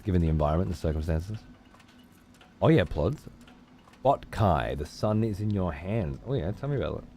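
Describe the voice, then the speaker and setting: A man's voice: deep voice, a little mellow, slight background noise. A man streaming a game, chatting casually and swearing freely while answering his chat. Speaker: let's play streamer. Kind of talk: casual gameplay commentary.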